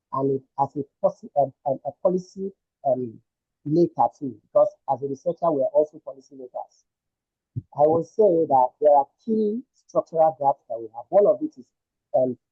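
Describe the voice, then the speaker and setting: A man's voice: a little high, husky, no room sound, muffled recording. A man, a senior lecturer and researcher, speaking emphatically on an online panel and driving his points home with repeated rhetorical questions. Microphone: video call.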